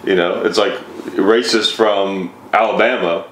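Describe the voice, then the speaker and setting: A man's voice: sits low, fairly even intonation, unhurried, a bit bright, reverberant, a little hiss or hum, rough recording. A man hosting a casual interview, speaking in an easygoing, agreeable way. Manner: easygoing, agreeable, with frequent "yeah" backchannels. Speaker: host.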